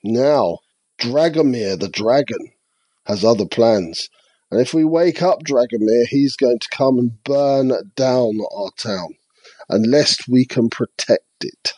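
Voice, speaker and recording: A man's voice: medium pitch, animated, takes it slowly, a little mellow, dry recording. A man co-hosting a podcast, chatting casually and walking methodically through a board game's rules step by step. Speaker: podcast co-host. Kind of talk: casual chat reviewing board games.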